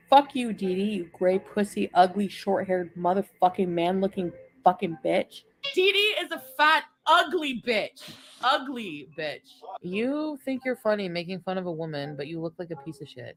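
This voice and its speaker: A woman's voice: mid-range voice, rough recording. A woman on a livestream, ranting and hurling vulgar insults at the people she is feuding with. She fires out name-calling in bursts and keeps swearing at them. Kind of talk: profane insult rant.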